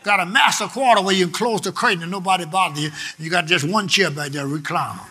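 Shouting older preacher, high voice. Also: male voice, fast, a crowd in the background. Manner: shouting, emphatic preaching with sudden soft drops. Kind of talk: sermon.

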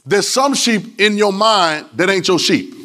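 A man's voice: high voice, expressive, a little slow, pushed and bright. A man with a Louisiana accent, preaching a sermon in a church with playful, rhythmic call-and-response. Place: church sanctuary.

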